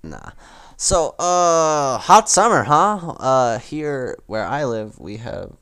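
A man hosting a solo podcast, rambling casually with lots of fillers and quick laughing asides. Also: medium pitch, sing-song, fairly bright tone, clean tone. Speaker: podcast host.

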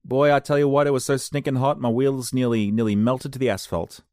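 A man's voice: fairly even intonation, a little fast, darkish tone, dry recording, studio quality, natural voice. Man doing a fake-cool skater dude. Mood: goofy. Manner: exaggerated, goofy, higher-pitched. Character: overeager undercover man faking skater slang.

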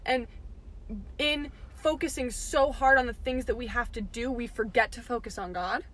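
Young female co-host, bubbly, rambling, slightly higher voice, casual chat. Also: fairly even intonation, moderate pace, fairly bright tone. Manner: bubbly, rambling, lots of fillers. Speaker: podcast co-host.

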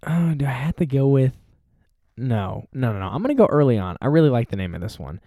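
A man's voice: medium pitch, very animated, a little fast, mellow, no room sound, studio quality. A young man hosting a casual solo podcast, rambling and self-deprecating as he chats. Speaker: podcast host.

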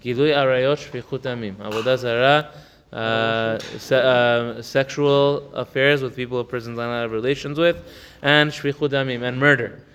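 A man teaching a religious text. He reads Hebrew passages quickly, explains them in English in a chatty way, and often asks "right?". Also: medium pitch, fairly even intonation, fairly bright tone, long reverb tail, lo-fi sound, a little hiss or hum. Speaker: Torah teacher. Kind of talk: text study lesson.

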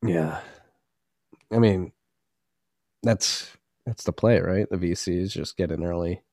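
A man's voice: deep voice, slow pace, warm tone, dry recording, studio quality. A man in his thirties co-hosting a podcast, joking and loose in casual chat. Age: 30s. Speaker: podcast co-host.

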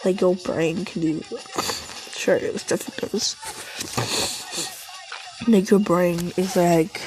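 A woman's voice: on the low side, steady tone, takes it slowly, over music, rough recording. A teenage girl telling a rambling, casual story, full of fillers and swearing.

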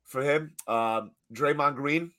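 A man's voice: fairly high pitch, slow pace. Slangy young man over a noisy line. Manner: slangy, swearing. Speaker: podcast co-host. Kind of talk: casual sports chat.

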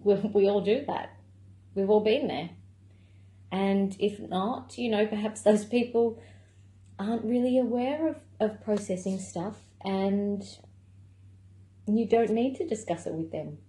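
A woman wellness coach giving a calm, gentle self-help talk in a conversational way. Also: mid-range voice, measured pace, long pauses. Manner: calm, gentle, conversational, with many "you know" asides. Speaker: wellness coach running a membership program. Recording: echoey room.

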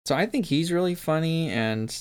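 Halting, enthusiastic male film fan. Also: a little high, lively intonation, clean tone. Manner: enthusiastic, halting with many fillers. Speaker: podcast co-host. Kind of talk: casual film discussion.

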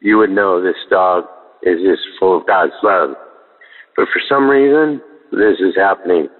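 A man phoning in a prayer request, holding back tears and speaking haltingly. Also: deep voice. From San Francisco Bay Area, USA. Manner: halting, hesitant. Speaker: caller. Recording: tinny phone line with long reverb.

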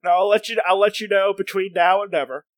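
A man's voice: high-pitched, steady tone, fast talker, dry recording, clean studio sound. A man co-hosting a casual chat, hesitant with many fillers and restarts.

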